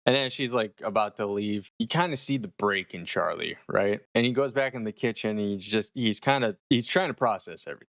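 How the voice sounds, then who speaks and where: A man hosting a horror review show, recapping an episode in a casual, animated and swearing way. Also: lowish voice, brisk, hardly any pauses, dry recording, studio quality. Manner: animated, profane storytelling. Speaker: horror series reviewer and host.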